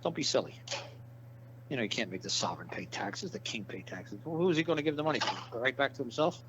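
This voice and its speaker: Over dull lo-fi audio with hiss, a medium-pitched, expressive, fast-talking man is a guest in a casual interview. He's blunt and profane, rambling through anecdotes and repeating himself.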